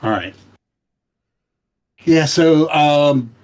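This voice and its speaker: A man narrating a tabletop game as game master, unhurried and pausing often with fillers. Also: fairly high pitch, lively intonation, darkish tone.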